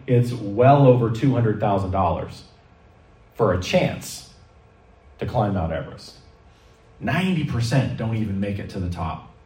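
A man preaching a sermon, telling stories in a lively way and acting out the voices he quotes. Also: lowish voice. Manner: animated storytelling preacher, acts out quoted voices. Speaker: pastor. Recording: echoey hall, mic at a distance.

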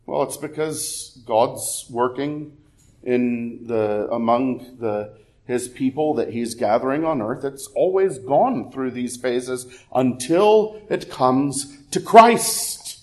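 A man preaching a sermon as pastor, conversational with fillers and self-corrections, then building to loud emphatic peaks before dropping low again. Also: unhurried.

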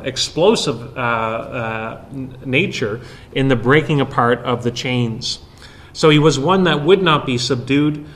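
A man preaching an expository sermon, explaining a Bible passage verse by verse with frequent pauses. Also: mid-range voice.

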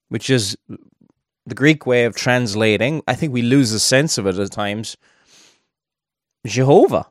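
A man delivers a sermon in a relaxed, conversational way, pausing for asides as he works through a verse. His voice sits at a mid pitch. The sound is dry and close, with no room echo. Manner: conversational, thinking aloud with asides. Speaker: preacher.

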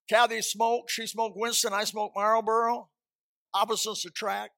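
A man preaching a sermon with fervent, folksy storytelling and repeated phrases, often climbing into high, loud outbursts. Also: level tone, unhurried, vocal fry, no echo, clean studio sound.

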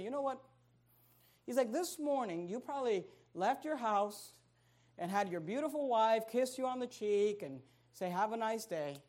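A middle-aged man preaching a sermon as pastor, telling a story in a casual conversational way and rising to loud, emphatic peaks. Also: extremely high pitch.

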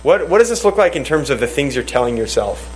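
A man's voice: on the high side, sing-song, fast talker, slight background noise, poor audio. A man leading a church Bible study. He teaches in a rambling way, restarts his sentences often and quotes scripture. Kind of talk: teaching and leading group discussion.

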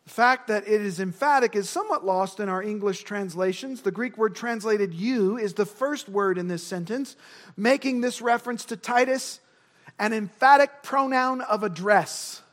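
High-voiced male preacher, emphatic. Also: normal speed, fairly bright tone. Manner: emphatic, repeats key words for stress. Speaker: pastor. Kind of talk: expository sermon.

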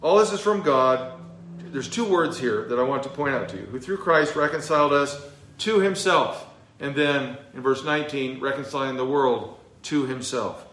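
A man's voice: medium pitch, lively intonation, moderate pace, a bit bright, reverberant. A male pastor teaching a verse-by-verse sermon, emphatic, with a few fillers. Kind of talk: expository sermon.

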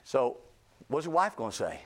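A man's voice: medium pitch, normal speed. A male pastor telling a story in a sermon, acting out the people he quotes with rising intensity. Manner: animated, acts out quoted speech with rising intensity.

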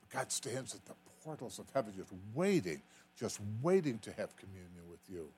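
A man's voice: on the low side, big pitch swings, normal speed, a little mellow, slightly rough. A man preaching as a guest in a folksy, self-described redneck way, earnest and pleading, often stumbling and repeating words. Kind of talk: sermon with altar call.

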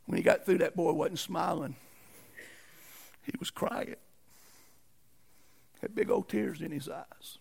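Male pastor, folksy emphatic sermon, high gravelly voice. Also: a little mellow. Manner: folksy, emphatic preaching with rising outbursts.

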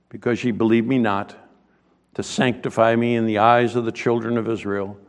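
A man preaching a sermon, reading scripture aloud and then expounding it, his voice rising into sudden loud, high bursts. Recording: long hall reverb.

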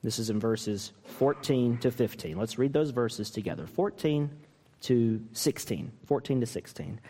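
A man's voice: medium pitch, measured pace, warm tone, breathy edge, big-room sound. A man, a pastor, preaching a sermon and telling stories with self-deprecating humor.

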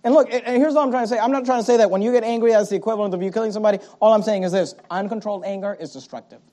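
A male pastor preaching a sermon, swinging from loud, punchy lines to quiet asides and mimicking his listeners' excuses. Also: high-pitched, steady tone, very fast.

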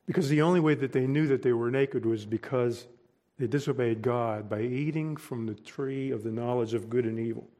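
A man preaching a sermon, deliberate and emphatic, pausing between short phrases. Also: medium pitch, a little mellow. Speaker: pastor.

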